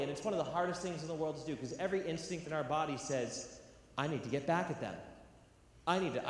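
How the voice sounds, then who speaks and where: A man's voice: on the high side, darkish tone, far from the mic. A young man from California giving an earnest, emphatic talk to an audience at a university, with some self-deprecating humor. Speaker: educational theatre speaker. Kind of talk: public talk to a live audience. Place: large university hall. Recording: echoey hall, faint noise.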